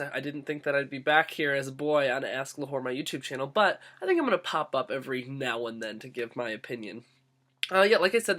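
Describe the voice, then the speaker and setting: A young man with a groggy voice from getting sick, talking earnestly in a casual reflective vlog, often halting and restarting. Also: fairly high pitch, pushed and bright. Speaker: vlogger.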